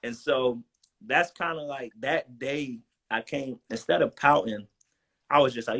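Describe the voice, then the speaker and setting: His voice is husky, medium in pitch and a little slow. A young former college football player in his twenties, he's a video-call guest in a laid-back storytelling interview, using slang and animatedly acting out people's lines.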